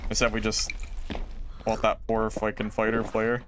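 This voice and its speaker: A young man streams a video game and talks casually to chat, rambling and poking fun at himself before trailing off into mumbles. His voice is lowish and monotone at a moderate pace, over a noisy background.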